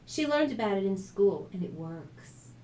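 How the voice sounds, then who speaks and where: A woman voicing a calm, earnest teenage girl who reasons things out patiently. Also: medium pitch, normal speed, echoey room, a little hiss or hum, lightly acted, low-quality recording.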